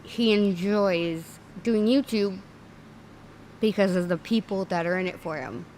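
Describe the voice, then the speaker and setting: A woman's voice: medium pitch, measured pace, darkish tone, slight background noise. A woman hosting a livestream, speaking earnestly and close to tears. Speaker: livestream host. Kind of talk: emotional livestream commentary.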